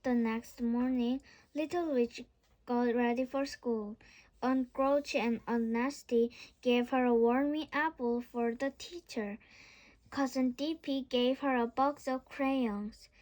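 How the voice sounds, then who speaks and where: A woman's voice: fairly high pitch, steady tone, slow, darkish tone. A woman reading a children's storybook aloud, careful and repeating words after slips. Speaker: storybook reader. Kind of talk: children's book read-aloud.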